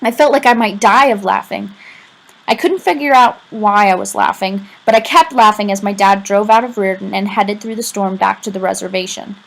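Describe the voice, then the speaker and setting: A woman's voice: medium pitch, normal speed, gravelly, rough recording. A woman reading a first-person audiobook, telling the story expressively and voicing emotional quoted lines. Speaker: audiobook narrator.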